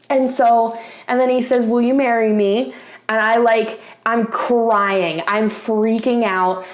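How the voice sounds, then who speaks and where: A young woman tells a story to her camera in a loose, chatty way, full of fillers and casual swearing. Her voice sits a little high, and the room around her has a noticeable echo. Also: steady tone, slow. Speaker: craft vlogger.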